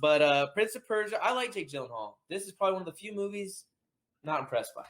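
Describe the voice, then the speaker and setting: Guy cohosting a movie podcast, voice on the higher side, bounces around a lot, laughs a bunch. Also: fast talker. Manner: joking, laughs often, lively. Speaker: podcast co-host. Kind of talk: casual movie chat.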